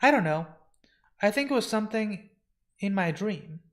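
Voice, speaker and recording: A man's voice: high-pitched, animated, normal speed, a bit bright, pitched above the performer's own voice. A man voicing a blunt, wary young woman in her twenties while reading a comic. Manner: blunt, plain-spoken.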